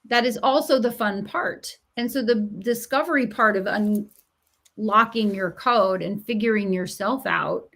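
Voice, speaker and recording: A woman's voice: mid-range voice, unhurried, gravelly. A middle-aged woman, an author and writing coach, speaking as a guest in a podcast interview. She tells stories with animation, acts out the voices she quotes, and speaks with emphatic encouragement. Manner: animated storyteller who acts out quoted voices and laughs often.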